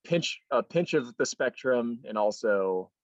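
Deadpan very low-voiced woman. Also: a little slow, no room sound, lo-fi sound. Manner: dry, deadpan joking. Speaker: podcast co-host. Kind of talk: casual chat.

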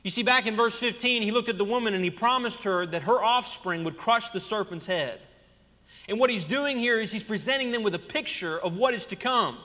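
A man's voice: high-pitched, a little fast, pushed and bright. A man preaching a sermon as senior pastor, asking the congregation one rhetorical question after another. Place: church sanctuary. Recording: long church hall reverb.

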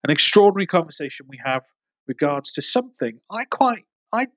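Husky Welsh man hosting a podcast. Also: on the high side, very animated, a little fast, fairly bright tone, low-quality recording. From Wales. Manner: rambling, enthusiastic, frequent restarts. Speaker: podcast host, recruiter. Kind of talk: casual podcast chat.

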